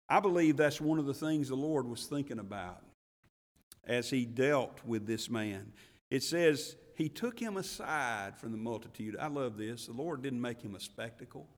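A man preaching a sermon as pastor, swinging between loud emphatic passages and hushed, slow ones, and reading scripture in King James wording. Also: medium pitch, big-room sound. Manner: reads scripture aloud in King James wording with rising intensity.

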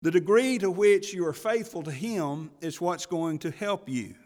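A man's voice: sits high, normal speed, darkish tone, long reverb tail. A man, preaching a sermon as pastor in a folksy manner, laughing often and stumbling over repeated words.

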